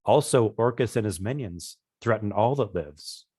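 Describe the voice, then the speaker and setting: A man voicing a solemn female nature goddess who speaks through animals, with slow, grave, measured questioning. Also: on the low side, expressive, dark tone, breathy edge, no echo, clean studio sound.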